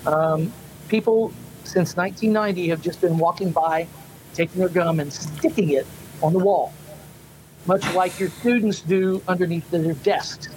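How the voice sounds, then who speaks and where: A man's voice: sits high, normal speed, noisy background. A man co-hosting a casual chat show, rambling and hesitant with many fillers. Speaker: podcast co-host.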